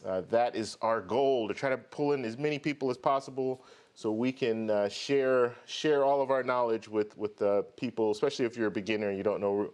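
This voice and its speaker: A man's voice: medium pitch, fairly even intonation, a little fast, darkish tone, clear, resonant tone. A man hosting a live stream about travel rewards, talking casually and greeting viewers one by one. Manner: chatty, greets viewers by name. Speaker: host of a travel credit card channel.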